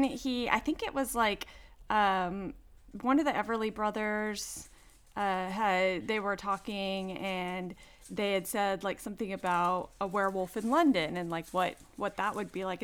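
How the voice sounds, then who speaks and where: A woman co-hosting a podcast, telling the story behind a song in a rambling, relaxed way. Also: mid-range voice, clean tone. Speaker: podcast co-host. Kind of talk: casual chat about songs.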